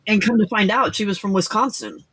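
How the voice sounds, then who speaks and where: A woman's voice: medium pitch, brisk, background noise. An older woman hosting a casual late-night crafting livestream, rambling with many fillers and restarts.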